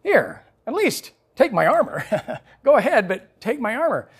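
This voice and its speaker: A man's voice: very high voice, big pitch swings, normal speed, husky, voice pushed up, full character voice. A man preaching who voices King Saul as a doubtful but helpful older king.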